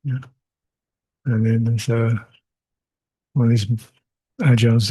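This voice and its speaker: A man's voice: medium pitch, little pitch movement, takes it slowly, pauses often, mellow. An older man, a Buddhist monk, answering questions at a meditation retreat, reflective, repeating short phrases and chuckling often. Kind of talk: retreat Q&A dharma talk.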